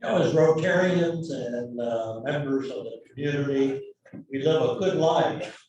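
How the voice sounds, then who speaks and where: A man introducing the guest speaker at a club meeting in a folksy, unhurried way. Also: medium pitch, a little mellow, far from the mic, slight background noise. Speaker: program introducer. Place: meeting room. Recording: echoey room, voice from afar.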